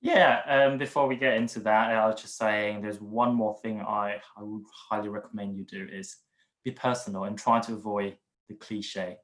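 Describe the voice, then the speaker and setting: A man's voice: fairly low pitch, steady tone, fairly bright tone, low-quality recording. Teasing, coaching man on a video call. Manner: teasing, quick to laugh, coaching tone. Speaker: webinar host. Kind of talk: casual online webinar talk.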